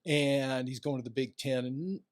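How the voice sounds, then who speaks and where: An older man swaps stories in a relaxed podcast chat, lively, breaking into quick impressions of other people. His voice sits at a middle pitch, and the sound is close and dry with no room echo. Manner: animated anecdotes, acts out quoted voices. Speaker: guest, retiring athletic director. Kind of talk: casual storytelling interview.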